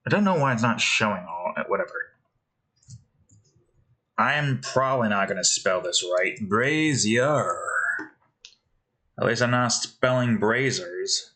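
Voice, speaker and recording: A man's voice: on the low side, animated, a little slow, pauses often, pushed and bright, low-quality recording. A man, a game developer, thinking aloud as he builds, muttering hesitantly and questioning himself.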